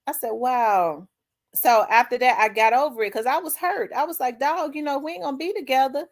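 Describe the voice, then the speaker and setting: A middle-aged woman, hosting her own show and candidly telling a personal story, acting out the dialogue with big swings in her voice. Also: fairly quick. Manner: animated, acts out quoted dialogue with big pitch jumps. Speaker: host.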